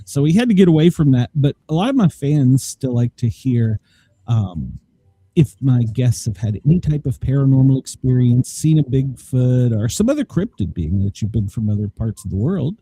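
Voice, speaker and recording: A man's voice: mid-range voice, very animated, moderate pace, warm tone, breathy edge, no echo. A man hosting a podcast in casual chat, talking loosely with many fillers. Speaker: podcast host.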